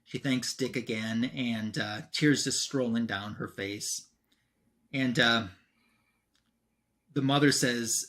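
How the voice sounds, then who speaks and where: Co-hosting an online show, a man casually retells a comic book plot, tossing off the characters' lines with "he's like" quotes. His mid-range voice is a bit bright and slow, with long pauses.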